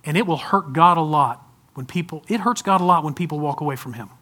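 Man, pastor, sermon, high-pitched, bright tone, urgent then hushed pleading. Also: fast. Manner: swings from loud urging to soft pleading.

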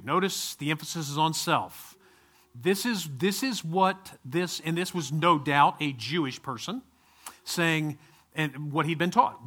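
A middle-aged man preaching a sermon in a conversational, animated way, with asides to his listeners. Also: on the high side, normal speed.

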